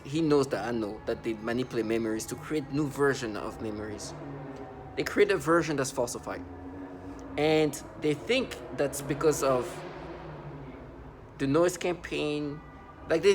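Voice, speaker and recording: A man in his thirties giving a rambling, halting personal monologue to the camera in an aggrieved tone. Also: on the high side.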